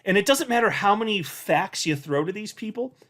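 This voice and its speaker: Sarcastic crypto commentator man, lively pitch. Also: brisk. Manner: sarcastic, mocking, animated, with laughs and restarts. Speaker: crypto channel host. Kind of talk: opinionated commentary monologue.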